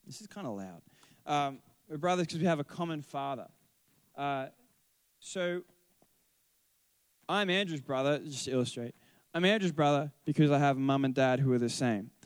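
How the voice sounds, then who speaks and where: A man's voice: on the high side, normal speed, pauses often, smooth, no room sound. A man who teaches, giving a casual Bible talk, rambling and correcting himself as he tells stories. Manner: rambling, self-correcting storyteller.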